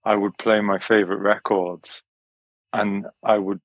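A man from Wales, a yoga teacher and musician, talking as a podcast guest in a relaxed, rambling way. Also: lowish voice, measured pace, dry recording, low-quality recording. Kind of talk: relaxed conversational interview.

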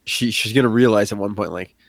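A man chats on a podcast as a co-host, animated and excited. He talks loosely, full of fillers, and acts out little quotes as he goes. The sound is close and dry. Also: lowish voice, fast talker, vocal fry, dry recording. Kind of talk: casual chat.

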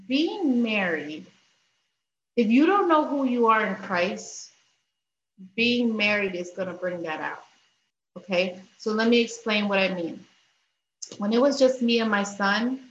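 A woman's voice: medium pitch, roomy sound, muffled recording, slight background noise. A woman in her thirties, an interview guest, telling her story openly about faith and family and acting out her own past words. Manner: animated storytelling, acts out her own past lines in a rising voice. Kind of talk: candid faith-based conversation.

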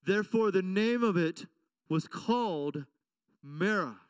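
A man's voice: high-pitched, animated, unhurried, clean tone, no room sound, far from the mic. A man preaching as pastor, emphatic and repetitive, often checking in with the congregation. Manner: emphatic preaching with repeated call-and-response questions. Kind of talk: sermon. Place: church.

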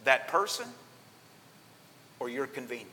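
Male pastor preaching with a sharp, tense edge, swinging loud and hushed, reverberant church hall. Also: mid-range voice, very animated, unhurried, slight background noise. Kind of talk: sermon.

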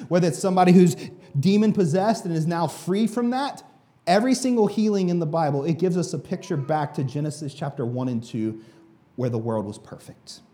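A man's voice: high-pitched, dark tone. A man preaching a sermon with emphatic delivery, speaking directly to the congregation and leading them along. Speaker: pastor.

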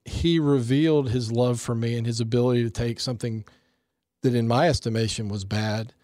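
A man's voice: mid-range voice, steady tone, fairly quick, mellow, no echo. Man, forties, earnest, reflective, restarts his phrases, dry close mic. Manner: earnest, reflective, repeats words when starting. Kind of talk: faith discussion conversation.

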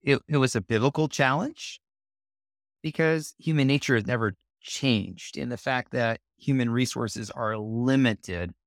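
A man co-hosting a Bible lesson discussion, explaining his points in a measured way. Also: mid-range voice, no echo, clean studio sound. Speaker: co-host of a Bible study show.

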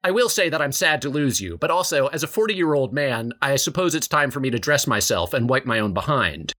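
Lively, bright-voiced male comedy podcaster. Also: mid-range voice, fairly quick. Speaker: podcast co-host. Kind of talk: comedic improvised scene reading.

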